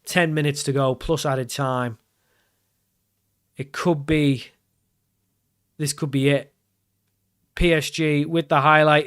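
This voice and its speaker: A man's voice: a little high, fairly even intonation, takes it slowly, pauses often, a bit bright, smooth. A man commentating live on his football management game, swinging from pleading to groaning. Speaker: gaming YouTuber.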